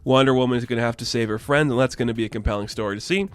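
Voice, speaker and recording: A man's voice: medium pitch, racing, clean tone, dry recording. A young man giving a casual, enthusiastic and rambling video review as the channel host. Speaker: comic book reviewer.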